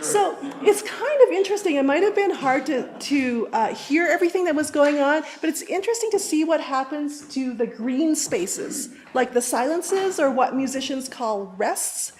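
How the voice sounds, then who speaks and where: A woman's voice: high voice, lively intonation, normal speed, hardly any pauses, a little mellow, slight background noise. A woman presenting music theory to a live audience, friendly and explanatory. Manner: friendly, explanatory, some fillers. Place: large room with audience.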